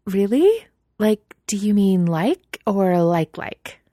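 A woman doing a high, gushing teen girl. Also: animated, a little slow, dark tone, no echo, studio quality. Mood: eager. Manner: eager, squealing, gushing. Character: bubbly excitable teenage girl gymnast.

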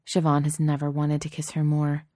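A woman narrating a story in a steady, measured, softly expressive way. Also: low voice, dry recording, studio quality. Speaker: audiobook narrator.

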